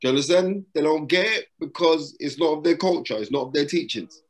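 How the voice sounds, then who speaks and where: With a fairly high pitch and a fairly quick delivery, a middle-aged boxing broadcaster gives an interview from a hotel room during lockdown. His motivational advice comes out emphatic, repetitive and preacherly, peppered with street slang.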